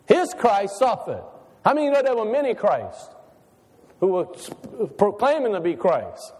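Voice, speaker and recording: A man's voice: high voice, sing-song, unhurried, pauses often, a little mellow. A man preaching a sermon as pastor, in a folksy, conversational way full of rhetorical questions, recorded in a church. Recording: long reverb of a large hall.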